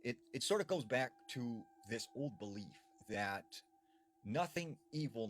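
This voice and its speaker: A man casually telling a creepy story, with hushed dips for suspense. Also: medium pitch, a little hiss or hum.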